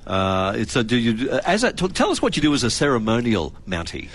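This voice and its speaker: A man hosting a live radio show on location, chatty and quick to laugh. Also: mid-range voice, sing-song, slight background noise. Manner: chatty, laughs easily, cheery filler. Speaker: radio host.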